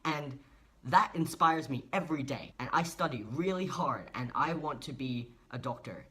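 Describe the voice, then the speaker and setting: A man's voice: medium pitch, lively intonation, normal speed, pushed and bright. Young aussie guy, twenties, earnest and a bit emotional, talking straight to camera. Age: 20s. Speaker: vlogger. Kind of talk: personal vlog monologue.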